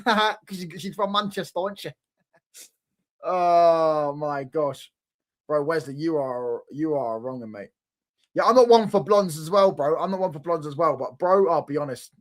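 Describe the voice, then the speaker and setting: A man's voice: high voice, brisk. A young man, hosting a casual livestream and chatting with viewers in a rambling, slangy way, repeating himself and laughing often. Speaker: livestream host. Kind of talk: casual livestream chat reacting to viewer comments.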